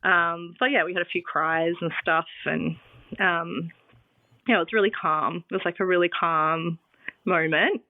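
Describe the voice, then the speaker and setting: A woman's voice: on the low side, steady tone, unhurried, dry recording. A woman, telling her birth story in a casual podcast interview, full of fillers. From Australia. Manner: chatty, many fillers like "um" and "like". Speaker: guest sharing birth story. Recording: dry, phone-like sound.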